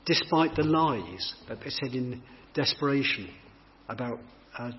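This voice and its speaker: A man's voice: mid-range voice, expressive, measured pace, slight background noise. A man giving a sermon, reading scripture aloud and then reflecting on it in a thoughtful, explanatory way. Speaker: preacher. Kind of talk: sermon explaining a Bible passage. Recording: long hall reverb, dull lo-fi sound.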